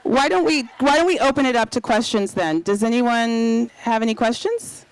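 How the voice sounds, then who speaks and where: A woman's voice: fairly high pitch, normal speed, a little hiss or hum, poor audio. Woman moderator asking questions. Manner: questioning, conversational. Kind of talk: onstage interview.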